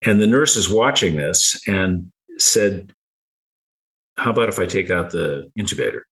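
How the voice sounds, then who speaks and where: A middle-aged man recounting a personal story in conversation, halting and repeating words, with small chuckles. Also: low-pitched, lively intonation, fairly bright tone, poor audio. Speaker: guest.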